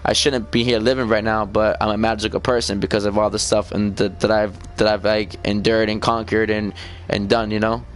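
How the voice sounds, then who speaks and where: A man's voice: on the low side, level tone, brisk. A man chatting in a casual, rambling way, often asking "you know what I mean" and stumbling over repeated words. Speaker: gamer vlogger. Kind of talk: casual rambling confessional chat.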